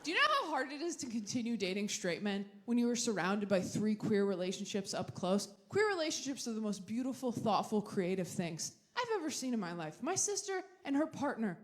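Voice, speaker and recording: A woman doing stand-up comedy with dry, self-deprecating quick punchlines, live before an audience. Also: medium pitch, sing-song. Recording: live stage recording, crowd laughter. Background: audience laughter.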